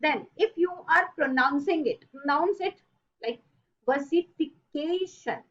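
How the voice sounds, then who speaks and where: A high-pitched woman lectures over a dull, lo-fi online call. She repeats each rule slowly, leaning on the key words. Her delivery is patient and instructive. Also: animated, fairly bright tone. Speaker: teacher. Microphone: online video call.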